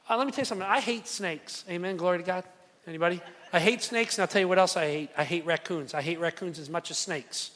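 A man preaching a sermon to a congregation, telling a story with lively repetition and calls to the room. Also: sits high, quick pace. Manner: animated, repeats phrases for emphasis, calls to the congregation. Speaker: pastor. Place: church hall. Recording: long hall reverb.

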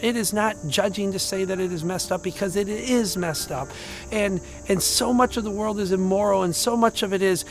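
A man pastor giving a conversational sermon, telling stories, swinging from loud emphasis to hushed lines. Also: high-pitched.

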